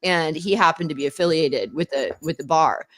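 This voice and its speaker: A woman's voice: low voice, lively intonation, moderate pace. A middle-aged woman, a former attorney hosting a podcast, tells stories in casual chat, meandering and often laughing mid-sentence.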